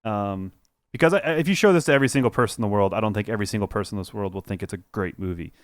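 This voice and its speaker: A man's voice: on the low side, very fast, no room sound, studio quality. Hesitant man on a film podcast. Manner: thinks aloud, hesitant. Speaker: podcast co-host. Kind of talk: casual film review chat.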